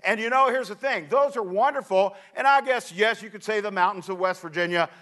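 High, bright-voiced preacher. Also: male voice, brisk. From Kentucky. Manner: animated, folksy storytelling with asides to the audience. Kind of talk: storytelling sermon.

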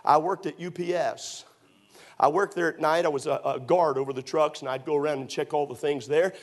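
A middle-aged man preaching a sermon, telling stories emphatically and rising to shouts. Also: on the high side, steady tone, brisk. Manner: emphatic, storytelling, surges to shouts. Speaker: pastor.

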